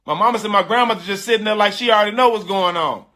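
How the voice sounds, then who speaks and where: A middle-aged man telling a personal story in casual, slangy speech, animated and emphatic, often repeating his phrases. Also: high-pitched, very fast. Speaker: storyteller on a live stream.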